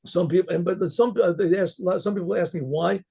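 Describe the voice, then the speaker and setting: Rabbi telling a story, gravelly and husky, rambling and animated, on a video call mic. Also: male voice, high voice, a little fast. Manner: rambling, animated, full of restarts. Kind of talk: storytelling talk.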